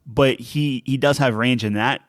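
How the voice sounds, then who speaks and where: A man's voice: mid-range voice, fairly even intonation, moderate pace, dry recording, studio quality. A man co-hosting a podcast in casual chat, easygoing and rambling, laughing along. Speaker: podcast co-host.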